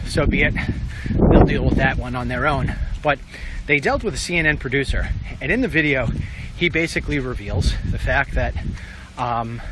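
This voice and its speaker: A man's voice: medium pitch, background noise. A middle-aged man giving a rambling, emphatic walk-and-talk monologue outdoors as an online commentator. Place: outdoors, walking.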